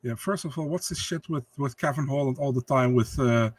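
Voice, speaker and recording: A man co-hosting a casual sports podcast, relaxed and halting, with many fillers. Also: medium pitch, no echo, far from the mic. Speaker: podcast co-host.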